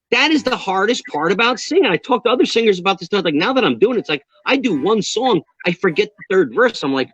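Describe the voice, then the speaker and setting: A man with a New York accent, a drummer being interviewed on a video call, talking in an animated, emphatic, joking way. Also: high voice, fast talker, no room sound, lo-fi sound. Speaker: guest drummer. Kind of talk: casual interview chat.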